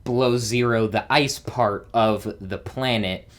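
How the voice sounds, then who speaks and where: A man's voice: on the low side, fairly even intonation, slow. A man hosting a let's play, giving rambling gameplay commentary and thinking aloud with small exclamations.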